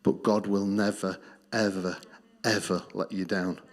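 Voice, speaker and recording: A middle-aged Australian man giving a missions testimony in church, telling his story earnestly and dropping low and soft on key lines. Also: level tone, a little slow. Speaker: missions speaker.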